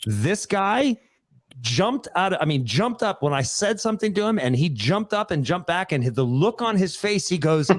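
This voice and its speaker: Give me a man hosting a call-in show who tells stories and acts out what people said, slightly high-pitched. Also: normal speed, no room sound. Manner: animated storyteller, acts out quotes. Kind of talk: casual call-in chat, storytelling.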